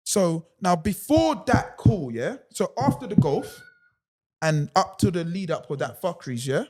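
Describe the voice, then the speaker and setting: A man with a British accent, co-hosting a podcast and telling a personal story in casual chat, animated and full of street slang. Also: sits high, measured pace. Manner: animated, acting out other people's lines; street slang, filler sounds like "rah, rah". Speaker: podcast co-host.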